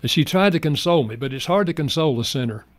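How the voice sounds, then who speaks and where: An older man, a guest author, telling personal stories in an earnest, heartfelt way, going soft in emotional moments. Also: fairly high pitch, expressive, quick pace. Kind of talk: reflective personal storytelling.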